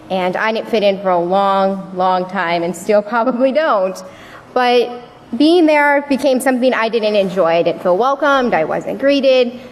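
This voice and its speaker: A woman's voice: mid-range voice, darkish tone, slight background noise. A young woman giving a personal story speech at a church service, acting out what people said along the way. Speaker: youth speaker at a church service. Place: large worship hall. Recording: long reverb of a large hall.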